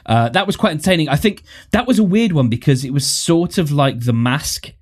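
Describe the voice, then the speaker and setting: A man's voice: on the high side, animated, brisk, breathy edge. A man hosting a podcast in casual nostalgic chat, enthusiastic and rambling, with many fillers. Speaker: podcast host.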